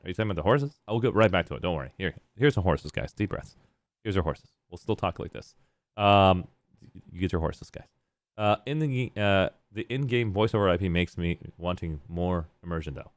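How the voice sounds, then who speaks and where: Low-voiced male streamer chatting with chat. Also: lively intonation, fairly quick, no room sound. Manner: rambling, reads chat messages aloud and responds. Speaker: game streamer. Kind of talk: casual live-stream chat.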